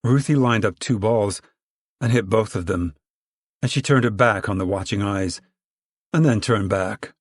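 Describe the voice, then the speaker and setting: A man with a low voice reads a novel aloud, steady and storytelling in pace. The recording is dry and close, with no room sound around him. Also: unhurried, no echo. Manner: steady storytelling, acts out dialogue. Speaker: audiobook narrator. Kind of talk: scripted narration.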